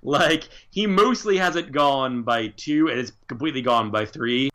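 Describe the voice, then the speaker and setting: A man in casual conversation with a bright, forceful tone. He talks with real enthusiasm and swears freely, and his pitch sits in an ordinary middle range. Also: moderate pace. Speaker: podcast co-host. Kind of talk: casual chat.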